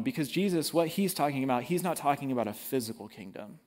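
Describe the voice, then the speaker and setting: Man preaching casually, slightly higher voice. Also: fast talker, hardly any pauses. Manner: casual, animated preaching with slang. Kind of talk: sermon.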